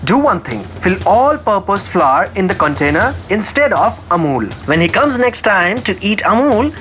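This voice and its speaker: A man's voice: high voice, very animated, normal speed, a bit bright, soft background music. A man voicing a grumpy, demanding middle-aged father in a cartoon dub. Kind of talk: cartoon dubbing.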